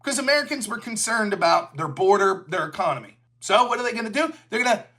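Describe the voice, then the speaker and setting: Sarcastic man with a bright, lively voice. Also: high-pitched, fast talker. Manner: sarcastic, heated, slips into mocking voices. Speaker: political commentary show host. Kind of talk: livestream political commentary.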